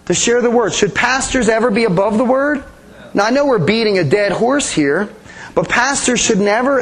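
A man with a notably high voice teaches a sermon in a conversational way. He keeps asking his congregation questions and approving their answers, with lively emphasis. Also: rough recording. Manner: animated emphasis, playful sound effects. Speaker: pastor.

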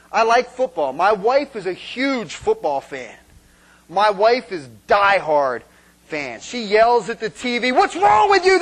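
A man preaching a sermon with lively, joking delivery, often asking "right?" and acting out cheering fans. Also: sits high, rough recording. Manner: animated, acts out fans shouting and singing; rhetorical "right?" after points. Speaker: pastor.

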